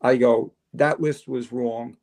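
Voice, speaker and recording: An older man, noted as "New," with a gravelly, mid-pitched voice and slow delivery. As a retired fire chief guesting on a podcast, he's an animated storyteller who acts out dialogue in a casual interview.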